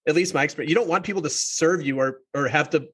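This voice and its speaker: A man's voice: on the high side, fast, fairly bright tone, breathy edge. A man hosting a podcast interview, asking rambling questions in a chatty, laughing way. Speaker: podcast host. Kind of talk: casual interview chat.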